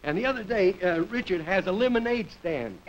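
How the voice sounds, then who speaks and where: A man's voice: high-pitched, lively intonation, fairly quick. A man hosting a comedy show, giving a rambling, folksy stand-up monologue and chuckling at his own jokes before a studio audience. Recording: dull lo-fi 1950s television audio with loud hiss. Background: studio audience laughter.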